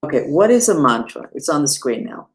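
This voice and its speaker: A woman who teaches mantras and meditation, giving an unhurried live-streamed lesson and talking straight to her viewers. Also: deep voice, sing-song. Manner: unhurried, talks to viewers and reads the chat aloud.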